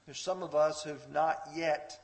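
Slow, high-voiced preacher in echoing hall. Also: male voice, fairly even intonation, creaky. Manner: earnest, rising to fervent pleading when quoting scripture. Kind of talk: sermon. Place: church sanctuary. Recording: long hall reverb.

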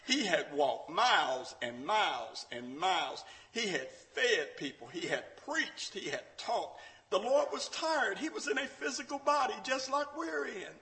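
A man preaching a Bible class sermon, dramatic, acting out quotes and swinging from shouts down to low, quiet lines. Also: poor audio.

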